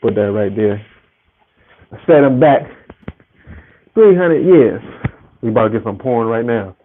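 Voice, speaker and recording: A man's voice: medium pitch, expressive, measured pace. A man ranting on a live stream from home, rambling and profane as he talks straight to his viewers. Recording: tinny phone audio with faint hiss.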